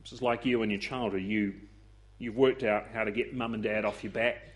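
A man preaching a sermon, acting out the voices he quotes with lively swings. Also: brisk. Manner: expressive, acts out quoted voices with rising pitch.

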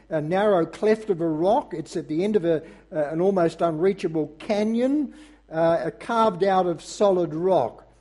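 This is a man delivering a sermon as a pastor, with a non-American English accent and a high, mellow, soft-edged voice. His pace is measured and his tone earnest as he addresses the congregation directly, sometimes pausing on small fillers.

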